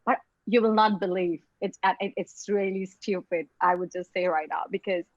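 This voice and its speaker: A woman tells her own story in a web lecture, halting and repeating words as she goes, heard over a video call microphone. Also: mid-range voice, fairly even intonation, no room sound, dull audio.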